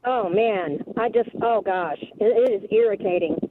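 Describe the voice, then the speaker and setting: A woman's voice: medium pitch, moderate pace, noisy background. A woman calling in to a radio show by phone, outspoken and emphatic as she speaks her mind. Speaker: caller. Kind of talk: phone-in complaint. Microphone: telephone. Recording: tinny phone line.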